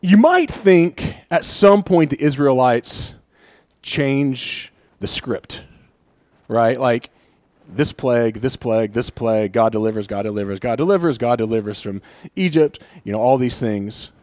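A man preaching a conversational sermon, animated and acting out people's complaints with laughs. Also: medium pitch, unhurried, dry recording. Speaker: pastor.

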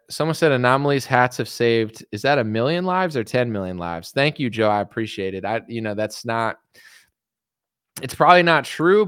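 A man chatting loosely on his own show, jumping between jokes and reading comments. His voice is smooth and clear at a middle pitch, recorded dry and close. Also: a bit bright, no room sound. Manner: joking, rambling, lots of fillers. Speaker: show host. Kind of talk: casual comedic livestream chat.

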